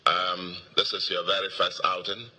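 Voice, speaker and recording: A middle-aged Nigerian man, a governor, giving an emphatic victory speech to supporters, repeating key words and pausing with fillers. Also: low-pitched, completely flat delivery, sharp tone. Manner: emphatic, repetitive oratory with pauses and fillers. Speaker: state governor.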